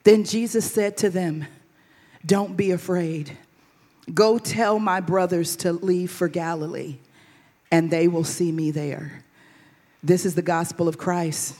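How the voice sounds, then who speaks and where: A woman reading a Bible passage aloud in a measured, careful way during a church service. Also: lowish voice, steady tone, warm tone. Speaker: scripture reader. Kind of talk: scripture reading. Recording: reverberant church hall.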